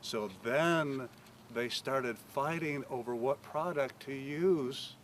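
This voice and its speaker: A pastor telling a story outdoors, acting out the voices of the people in it. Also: male voice, mid-range voice, slow pace, slight background noise. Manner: animated storyteller acting out quoted dialogue. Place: outdoors on a paved property.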